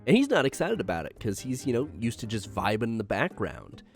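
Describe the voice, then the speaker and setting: A man's voice: mid-range voice, wildly swooping pitch, brisk, faint music behind. A man hosting a casual anime episode recap, joking loosely with lots of fillers. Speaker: host.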